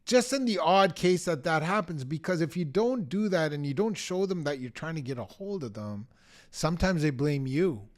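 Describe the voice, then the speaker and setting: A middle-aged man coaches real estate agents in an energetic talk to the camera, delivering his points in a punchy, emphatic way and acting out short bits of dialogue. His voice is a little high and expressive, at a moderate pace.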